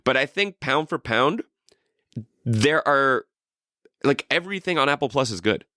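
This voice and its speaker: A man's voice: mid-range voice, animated, unhurried, bright, forceful tone, no room sound, studio quality. A man co-hosting a podcast, chatting casually in a rambling, profane way with lots of restarts. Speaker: podcast co-host. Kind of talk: casual chat.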